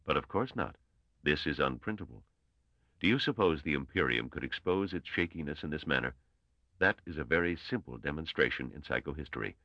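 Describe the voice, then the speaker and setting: A man voicing a shrewd, brisk old male mathematician who speaks in clipped, testing commands. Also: rumbling low, expressive, sharp tone, no echo, dull audio, exaggerated voice. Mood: matter-of-fact.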